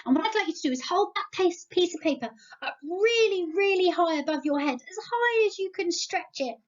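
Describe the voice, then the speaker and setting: Her very high-pitched voice, heard through dull home-video audio, belongs to an English children's church leader. She teaches young kids a Bible lesson at church, animated and slow, playful and encouraging as she asks them to join in.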